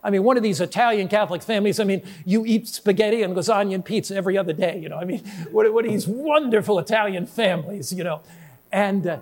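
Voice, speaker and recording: A middle-aged pastor preaching to his congregation in a high, bright voice. He drives his points home with strings of rhetorical questions and acts out the people in his anecdotes. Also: quick pace. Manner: voices quoted people in a story. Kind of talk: sermon.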